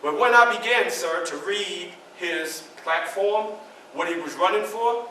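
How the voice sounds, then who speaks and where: A spirited, proud statesman, as a man acts him out tells his story in first person and keeps turning to address listeners. His voice sits high and bright. It comes from a distance in a very reverberant library hall with a faint hiss. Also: unhurried. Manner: animated, addresses the audience directly. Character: Frederick Douglass, proud male orator and statesman. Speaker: historical reenactor. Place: library event room, indoors.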